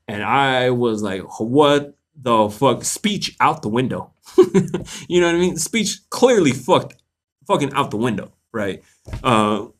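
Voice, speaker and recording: Laughing, cussing storyteller guy. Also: mid-range voice. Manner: animated, laughs often, swears freely. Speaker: host of a live Q&A stream. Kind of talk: casual storytelling to viewers.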